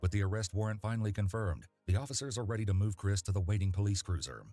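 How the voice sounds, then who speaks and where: A man reading scripted documentary narration in a measured, dramatic way. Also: lowish voice, warm tone, faint music behind.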